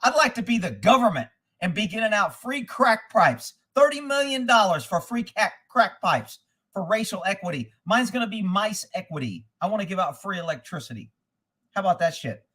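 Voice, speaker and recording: High-voiced man rambling on a livestream. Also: very animated, moderate pace, bright, forceful tone, breathy edge. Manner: profane, rambling storyteller who laughs often. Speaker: livestream host. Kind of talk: casual live-stream chat, reading comments.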